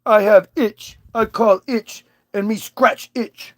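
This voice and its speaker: A man's voice: sits high, steady tone, slow pace, dry recording, clean studio sound, pitched above the performer's own voice. A man voicing Eve as a dim, childlike woman who talks in broken, simple grammar. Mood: dopey.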